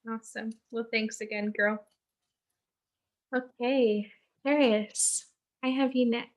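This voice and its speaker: A woman's voice: a little high, steady tone, slow pace. A woman coaching a group on a video call, affirming and encouraging members.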